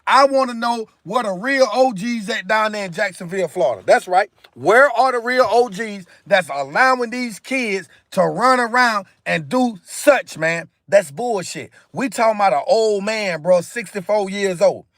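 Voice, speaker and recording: Emphatic high-voiced man on a livestream. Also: lively intonation, moderate pace, few pauses, fairly bright tone, dry recording. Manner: emphatic, repetitive, addresses viewers directly. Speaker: live stream host. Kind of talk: impassioned commentary monologue.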